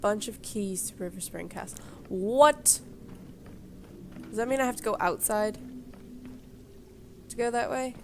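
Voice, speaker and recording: A woman hosts a video game let's play, speaking at a middle pitch. She chats easily to her viewers and exclaims as she goes. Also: moderate pace, gravelly, long pauses, a little hiss or hum. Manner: chatty and exclaiming, talks to viewers. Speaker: gaming channel host.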